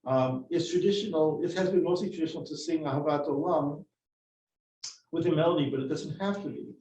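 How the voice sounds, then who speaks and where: A man teaching a class on prayer melodies, shifting between relaxed, halting explanation and slow sung chant. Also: a little high. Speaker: cantorial teacher. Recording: roomy, distant, dull lo-fi sound with faint noise.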